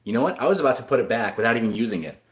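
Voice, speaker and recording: Brief: casual male streamer, mid-pitched, loose and rambling, reading out comments from chat. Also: animated, very fast. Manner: rambling, with frequent restarts and asides. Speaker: livestream host.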